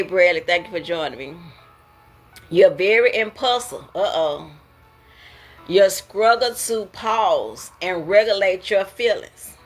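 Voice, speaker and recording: A woman hosting a casual talk about emotions, preachy and quick to laugh. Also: fairly low pitch, slightly rough. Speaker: host.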